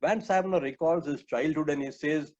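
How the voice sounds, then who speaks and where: Earnest preacher, slightly high voice. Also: male voice, normal speed, darkish tone. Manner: earnest, addresses listeners as my friends, frequent uh fillers. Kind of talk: sermon. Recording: dull lo-fi recording.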